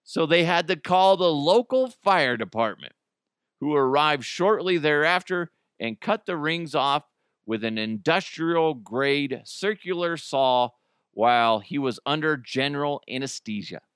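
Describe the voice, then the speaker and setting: A man's voice: fairly high pitch, lively intonation, measured pace, a bit bright, smooth, dry recording, studio quality. A man hosting a comedic solo podcast, joking animatedly and laughing often. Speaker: podcast host.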